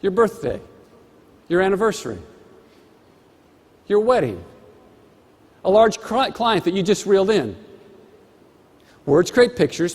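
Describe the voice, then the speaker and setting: A man with a high, slightly mellow voice delivers a motivational keynote on a stage microphone in a large conference hall. His speech uses emphatic, rhythmic repetition, and the hall's long reverb trails his words.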